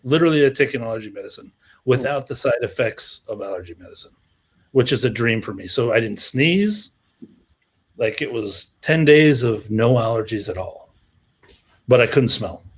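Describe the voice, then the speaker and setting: A man's voice: medium pitch, lively intonation, normal speed, breathy edge. A middle-aged man co-hosting a fragrance live stream, rambling and joking through a story over a video call. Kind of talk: casual group video chat.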